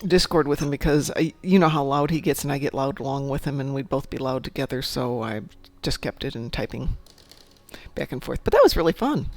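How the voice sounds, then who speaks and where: A woman hosting a casual gaming chat, a chatty storyteller who talks in an animated, jokey way. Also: rumbling low, fairly quick. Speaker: stream host.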